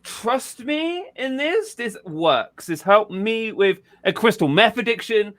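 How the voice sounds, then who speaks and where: A man's voice: high voice, animated, slow, fairly bright tone. A man hosting a casual podcast chat. He swears freely, repeats himself and talks in a loose, informal way. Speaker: podcast host.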